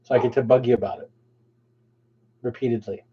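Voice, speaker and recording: A man's voice: mid-range voice, fairly even intonation, brisk, husky. A man chatting casually as co-host on a livestream, teasing and playful. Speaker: co-host, husband. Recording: dull lo-fi stream audio.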